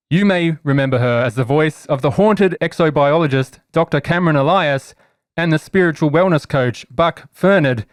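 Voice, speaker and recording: A man hosts a podcast with an upbeat, teasing delivery. His voice is smooth and resonant. The sound is dry and close. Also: on the high side, no echo. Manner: upbeat, teasing, introducing guests. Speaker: podcast host and game master. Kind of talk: casual podcast chat.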